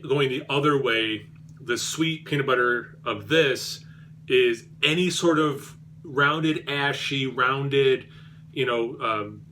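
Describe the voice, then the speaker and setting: A man's voice: medium pitch, bright, forceful tone, slight background noise. A man reviewing beer on his vlog, rambling and self-deprecating, with many fillers and restarts.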